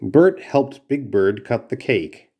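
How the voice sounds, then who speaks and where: A man's voice: medium pitch, expressive, takes it slowly, slightly rough, lo-fi sound. A man reading a children's storybook aloud, carefully, with small slips and restarts. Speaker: narrator.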